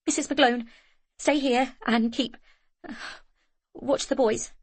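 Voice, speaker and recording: A frantic young mother from an audiobook, her voice pitched high and trembling with panic, breaking into shouts, as a woman reader puts her on. The read is close and dry, with no room around it. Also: fairly even intonation, slow, no echo. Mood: desperate. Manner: breathless, shaky, rising to shouts.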